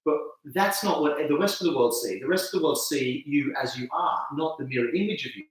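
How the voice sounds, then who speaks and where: A man's voice: on the high side, expressive, a little fast, very echoey, far from the mic, rough recording. A man explaining on-camera video tips as an interview guest, acting out reactions with gasps and laughs. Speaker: video campaign founder, guest.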